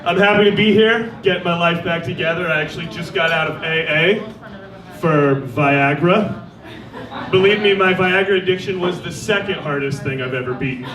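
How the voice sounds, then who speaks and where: A man performing stand-up with a high, light voice and a wry, deadpan delivery. He sounds roomy and set back from the mic in a live venue, with a crowd around him. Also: brisk, hardly any pauses, distant mic. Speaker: stand-up comedian. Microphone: stage mic. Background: audience laughter.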